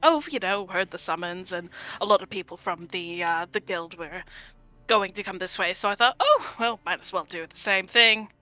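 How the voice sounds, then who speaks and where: Female player, bright crisp voice, animated and casual. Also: medium pitch, no room sound, faint music behind. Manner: animated, laughing, quick asides. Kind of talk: casual tabletop role-play.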